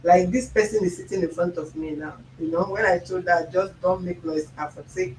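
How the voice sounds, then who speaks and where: A Nigerian-accented host talks casually to viewers, joking and slipping into pidgin. The voice sits at a middle pitch and rings a little in an echoey room. A faint hum of background sound runs underneath. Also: a little fast, hardly any pauses, far from the mic. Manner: jokey, animated, mixing in pidgin.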